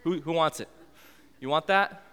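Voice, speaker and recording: A man in his thirties preaching a sermon as pastor, conversational and animated as he tells the story. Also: on the high side, moderate pace, clear, resonant tone, long reverb tail.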